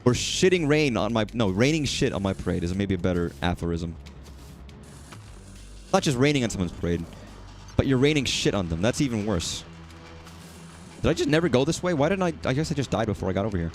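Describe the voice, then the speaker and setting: A man's voice: on the low side, big pitch swings, brisk, pauses often, soft background music. A man chatting casually while streaming a game, rambling and swearing at enemies. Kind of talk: casual gaming commentary.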